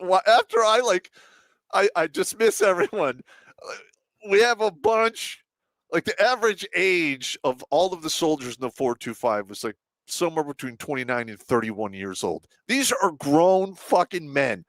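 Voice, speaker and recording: A man telling army stories on a live stream, full of profanity, laughing often and bursting into loud acted-out quotes. His pitch leaps high and drops low, and the mic sounds close and dry. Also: animated, normal speed, no echo. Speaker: show host and veteran. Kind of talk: casual storytelling on a live stream.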